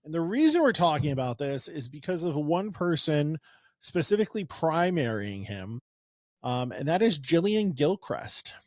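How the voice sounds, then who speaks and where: A man's voice: on the high side, very animated, moderate pace, darkish tone, dry recording, clean studio sound. A man co-hosting a casual political podcast, rambling with sarcastic asides. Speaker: podcast co-host.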